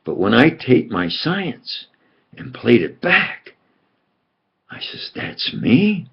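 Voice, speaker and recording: An older man from New York with a New York accent, telling rambling stories in a gravelly, husky voice that swings between loud and soft. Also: mid-range voice, huge pitch swings, takes it slowly, muffled recording. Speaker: self-styled preacher and physicist. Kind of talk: rambling monologue.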